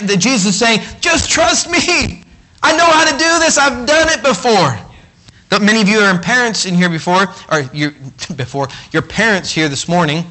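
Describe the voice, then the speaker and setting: A man's voice: high-pitched, pushed and bright. A man preaching a sermon in a conversational way, acting out the voices of the people in his stories. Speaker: pastor.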